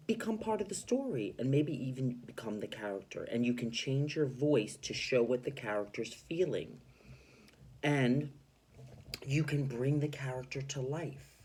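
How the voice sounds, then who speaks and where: A male teacher giving an expressive reading lesson to children, explaining how to voice story characters. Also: medium pitch, husky.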